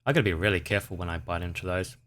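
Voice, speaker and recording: A man's voice: low voice, steady tone, rapid-fire, fairly bright tone. A man hosting a casual livestream, rambling and chatting with his viewers. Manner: rambling, chatty, talks to chat. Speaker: livestream host.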